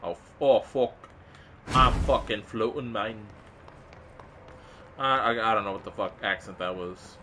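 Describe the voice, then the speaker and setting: A man's voice: fairly low pitch, a little slow, long pauses. Young man, game streamer, rambling commentary, swears a lot, slight noise behind. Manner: rambling, swears freely, reads game text aloud. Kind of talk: casual let's-play commentary.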